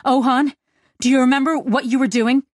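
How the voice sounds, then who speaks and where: Woman voicing a steady male starship captain, low-key, dry close sound, audiobook. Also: normal speed, no echo, natural voice. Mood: urgent. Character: male human ship captain, calm and steady.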